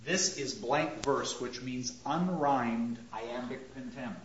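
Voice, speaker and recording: A man's voice: medium pitch, slow pace. A man teaching literature to a class, reciting lines of verse and tapping out their rhythm as he asks questions. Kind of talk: classroom lecture. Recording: roomy, dull lecture recording.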